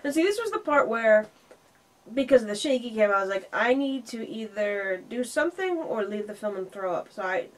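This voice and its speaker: A woman's voice: a little high, very animated, normal speed. A woman co-hosting a casual film review chat, sardonic and acting out the characters' lines as she recaps.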